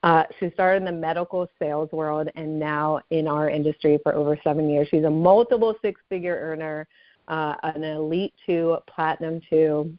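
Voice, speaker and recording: A woman's voice: deep voice, steady tone, moderate pace, dry recording, dull audio. A woman hosting a team call, bubbly and enthusiastic as she thanks and introduces speakers. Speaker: call host.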